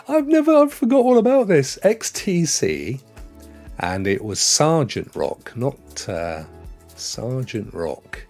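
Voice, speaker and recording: A man hosts a live gaming stream, talking loosely with his viewers and cracking jokes as he goes. His voice sits in a middle pitch and swings up and down a great deal. Faint music plays underneath. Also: wildly swooping pitch, takes it slowly, gravelly, darkish tone. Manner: joking, rambling, chatty with viewers. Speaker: gaming show host.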